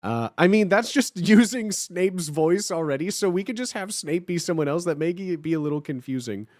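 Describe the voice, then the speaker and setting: A man's voice: high-pitched, expressive, normal speed, darkish tone, no room sound, studio quality. A young man hosting a live stream, chatting casually with viewers, swearing and laughing often. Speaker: livestream host.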